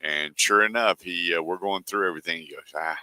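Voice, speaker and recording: A deep-voiced man hosts a car radio show, spinning folksy stories and voicing callers' lines. His voice is bright and forward, recorded dry and close in a studio. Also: brisk, clean tone, no room sound. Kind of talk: casual radio talk with ad reads.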